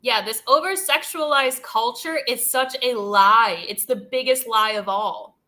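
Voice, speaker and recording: Woman, casual chat, filler-heavy, amused, bright tone, slightly high pitch. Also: unhurried. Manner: rambling, heavy use of "like" and "dude"; amused, laughs between thoughts. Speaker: channel host.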